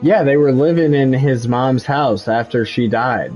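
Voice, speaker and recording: A man's voice: mid-range voice, measured pace, a little mellow, faint music behind. Profane heated storyteller, man from Missouri. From Missouri, USA. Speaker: game streamer. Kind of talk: casual chat while gaming. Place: home.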